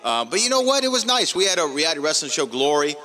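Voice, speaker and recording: A man's voice: a little high, big pitch swings, fast, bright, forceful tone. A man, co-hosting a casual podcast chat in an easygoing, conversational way. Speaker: podcast co-host.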